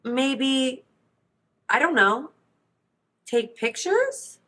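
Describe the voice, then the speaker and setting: A woman voicing a confused little boy who answers in a halting, unsure way. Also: sits high, very animated, fairly bright tone, pitched above the performer's own voice, exaggerated voice.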